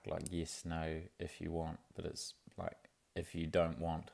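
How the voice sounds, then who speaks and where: Low gravelly man. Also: monotone, a little slow, a little mellow. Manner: laid-back and rambling, with many fillers and restarts. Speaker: vlogger. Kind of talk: casual video diary.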